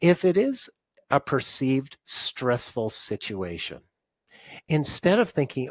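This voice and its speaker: Speaking at a measured pace with a sing-song, medium-pitched voice, this author of a stress-relief book talks through his views on stress as an interview guest. He's conversational, full of restarts and fillers, and there's no echo.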